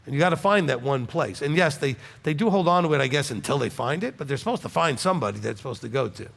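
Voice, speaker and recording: A man's voice: mid-range voice, animated, quick pace, vocal fry, fairly bright tone, big-room sound. A man with a Southern US accent, a rabbi from Alabama answering congregants' questions conversationally and often adding "okay?" for emphasis. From Alabama, USA. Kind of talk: congregational Q&A teaching. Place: congregation hall.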